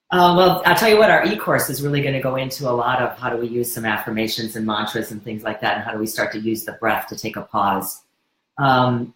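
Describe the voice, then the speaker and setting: A woman hosting a live wellness course Q&A, talking in an earnest, encouraging way with frequent restarts. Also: a bass voice. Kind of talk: live webinar Q&A. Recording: roomy echo.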